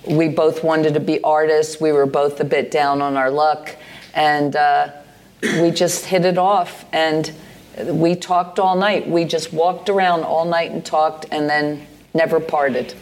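A woman's voice: sits low, flat delivery, a little slow, darkish tone. Woman in her sixties, stage interview guest, rambling hesitant storyteller at a venue microphone. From United States. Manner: meandering storyteller, hesitant with many fillers and restarts. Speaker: interview guest, poet and artist. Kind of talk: live on-stage conversation, storytelling. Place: live venue stage with an audience.

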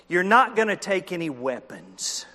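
A man's voice: high voice, sing-song, a little slow, sharp tone. A man preaching a children's sermon, telling a story with animation, acting out the characters and asking the listeners questions. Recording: long hall reverb.

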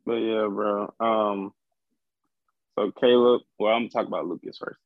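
Chill young dude saying bro a lot, slightly muffled dry audio. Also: male voice, on the low side, steady tone, moderate pace, no echo. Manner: laid-back, slangy, says "bro" often. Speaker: podcast guest. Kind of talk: casual chat.

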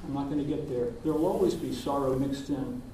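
An older man, a minister, giving a sermon in a gentle, reflective storytelling manner with pauses. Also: mid-range voice, a little hiss or hum. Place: church sanctuary. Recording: distant voice in an echoey sanctuary.

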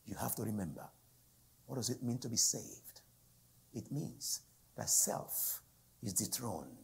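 A man preaching a sermon, his gravelly, raspy voice rising in loud pleading bursts and then dropping to near whispers. His pitch rides up and down with lively, animated swings. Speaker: guest preacher.

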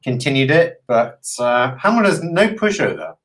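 Man, co-host, hesitant, thinking aloud, fillers, mid-pitched, casual racing talk. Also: very animated, moderate pace. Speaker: podcast co-host. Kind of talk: casual motorsport chat.

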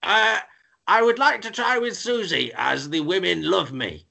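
A man's voice: high voice, measured pace, creaky, sharp tone. A man hosting a comedy podcast with cheeky, teasing banter. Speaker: podcast host. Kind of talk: casual comic banter.

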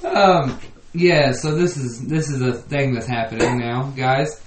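A man's voice: mid-range voice, normal speed, background noise. A man co-hosting a comedy podcast, rambling through casual chat and laughing often. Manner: rambling, laughs often, restarts mid-sentence. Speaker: podcast co-host. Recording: roomy echo.

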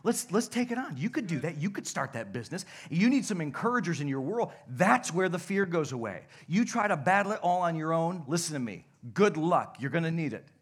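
A young adult male pastor preaching a sermon, telling stories animatedly and dropping to a hush at points. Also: on the high side, brisk, few pauses, slightly rough. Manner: animated, shouts and laughs in stories, drops to a hush. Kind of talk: sermon with storytelling. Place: church sanctuary.

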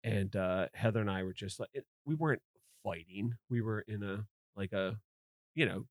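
A man's voice: fairly low pitch, moderate pace, dry recording, studio quality. A middle-aged man telling rambling stories in casual podcast chat, swearing freely. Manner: rambling storyteller, swears often. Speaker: podcast guest.

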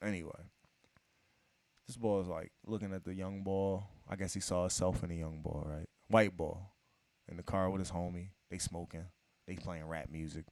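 Profane animated male storyteller, dry sound. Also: sits low, moderate pace, no room sound. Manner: profane, animated, acts out what people said. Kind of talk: casual storytelling.

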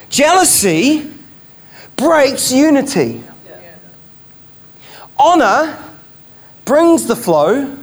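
A man preaching a sermon as pastor, emphatic, repeating key phrases and asking rhetorical questions. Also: very high-pitched.

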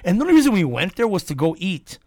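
A man's voice: high-pitched, fast talker, no echo. A man hosting a casual podcast, telling a story with lots of swearing and acted-out quotes. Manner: animated, acts out quotes, swears freely.

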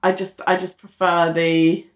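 A woman's voice: fairly low pitch, level tone, measured pace, echoey room. A woman co-hosting a casual podcast, chatting loosely, laughing often and swearing freely. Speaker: podcast co-host. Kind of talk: casual chat.

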